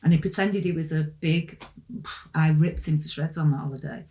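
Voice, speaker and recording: Blunt, lower-voiced woman. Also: normal speed. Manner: blunt, earthy and excitable, acts out voices. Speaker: podcast guest. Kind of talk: candid storytelling in conversation.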